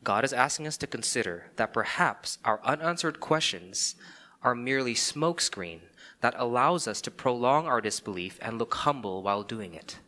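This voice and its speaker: A pastor preaches with an animated, emphatic delivery at a moderate pace, his medium-pitched voice bright and forceful. He fires off many rhetorical questions and keeps dropping "okay" and "right."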